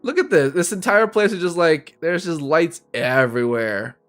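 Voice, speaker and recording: A man's voice: fairly high pitch, animated, normal speed, fairly bright tone, faint music behind. A man chatting casually and rambling with viewers on a live stream, laughing often. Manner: rambling, giggly, talks to viewers.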